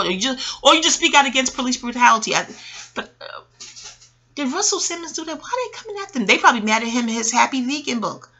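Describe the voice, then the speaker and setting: Rambling, profane woman from Queens. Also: mid-range voice. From Queens, New York. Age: 40s. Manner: digressive, profane, laughs loudly. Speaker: channel host. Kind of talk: rambling audio monologue.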